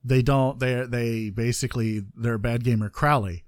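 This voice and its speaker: A man's voice: medium pitch, fairly even intonation, moderate pace, dry recording, studio quality. A man hosting a gaming podcast, chatting casually with jokes and asides. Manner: joking, trails off into asides. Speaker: podcast host. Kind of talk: casual gaming news chat.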